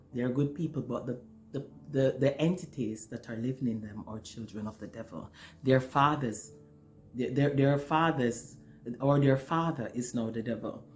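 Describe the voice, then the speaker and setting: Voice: medium pitch, darkish tone. An earnest, emotional speaker telling a personal spiritual testimony, often repeating words while searching for the next one. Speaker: spiritual storyteller.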